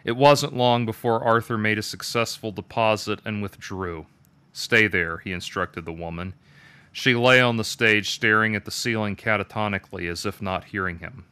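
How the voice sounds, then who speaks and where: A man reading his own dark story aloud with a measured, detached delivery. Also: fairly low pitch, smooth, dry recording. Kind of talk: dramatic story narration.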